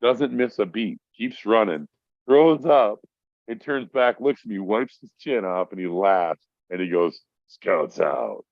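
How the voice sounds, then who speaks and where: A man's voice: lowish voice, unhurried, no echo. A middle-aged man telling a rambling, profane story in casual talk, acting out the voices of the people in it. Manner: profane, rambling, acts out voices in his stories. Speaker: podcast guest. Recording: dry, dull lo-fi audio.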